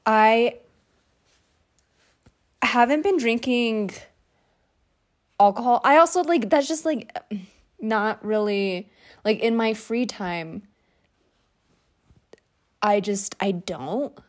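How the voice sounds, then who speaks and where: A young woman hosting a loose solo podcast from her bedroom at night, chatty and rambling with lots of fillers, relaxed and drowsy as she lies down. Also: a little high, takes it slowly, long pauses. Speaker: podcast host. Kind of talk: unstructured solo podcast chat.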